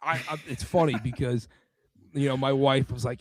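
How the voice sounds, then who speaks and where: Homem rouco, gravação seca. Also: male voice, medium pitch, normal speed, dry recording. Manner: excitable, jokey. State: hoarse, losing his voice. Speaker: podcast co-host. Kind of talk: casual sports podcast chat.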